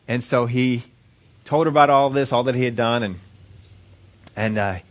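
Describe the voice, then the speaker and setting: A man preaching, telling a story in an earnest, repetitive way that builds in excitement. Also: medium pitch, normal speed. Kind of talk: sermon storytelling.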